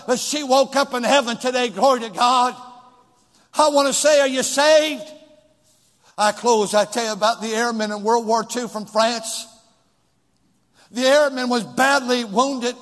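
An older man preaching a sermon, moving between hushed storytelling and shouted pleading questions. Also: very high-pitched. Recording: long hall reverb.

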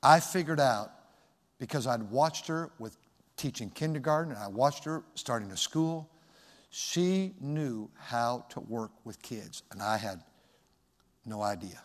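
A middle-aged man preaching from the pulpit, his voice at an ordinary male pitch. He speaks personally and conversationally, with pauses and restarts, and the sound trails off in a long church reverb. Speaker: pastor. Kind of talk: sermon.

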